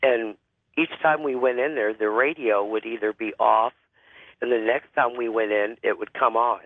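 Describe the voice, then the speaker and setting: A man with a deep voice and a cold, calling in to tell a spooky story, halting with lots of fillers. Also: steady tone, no room sound. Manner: halting, many fillers and restarts. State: has a cold. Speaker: caller. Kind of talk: phone-in ghost story. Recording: phone line.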